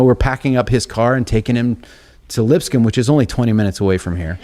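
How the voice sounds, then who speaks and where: A middle-aged songwriter and author, appearing as a guest in a live onstage conversation, tells a rambling, self-deprecating story to the audience. His voice is medium in pitch and warm.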